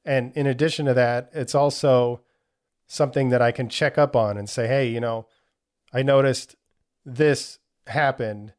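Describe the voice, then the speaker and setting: A man's voice: mid-range voice, fairly even intonation, unhurried. A man hosting a podcast in a casual solo talk, candid and reflective, swearing freely and thinking aloud with frequent restarts. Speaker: podcast host.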